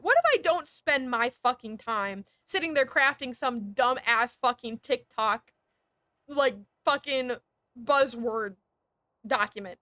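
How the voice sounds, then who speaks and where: High, bright-voiced woman ranting on stream. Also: unhurried, no room sound, studio quality. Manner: animated, heated and sweary, with laughing asides. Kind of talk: casual ranting chat while gaming.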